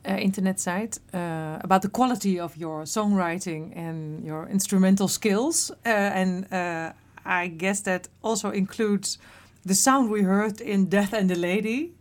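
A woman's voice: mid-range voice, measured pace, hardly any pauses. A woman interviewing a musician, asking short, friendly questions. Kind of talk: interview conversation.

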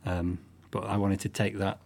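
A man, a folk musician, giving thoughtful, halting explanations in an interview. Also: low voice, little pitch movement, gravelly, darkish tone. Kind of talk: interview conversation.

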